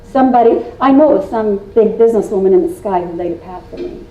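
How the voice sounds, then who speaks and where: A woman's voice: mid-range voice, fast talker, dark tone. A woman in her sixties from Indiana, giving a storytelling keynote to a live audience in a folksy, playful and confiding way, with teasing asides to the crowd. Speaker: keynote speaker. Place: meeting room with a live audience. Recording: roomy hall from a distant mic.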